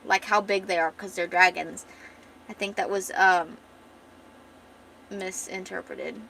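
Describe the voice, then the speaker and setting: A woman's voice: mid-range voice, fairly even intonation, measured pace, creaky, pushed and bright, slight background noise. A woman streamer chatting casually with viewers while retelling and reading a comic aloud, full of fillers and restarts.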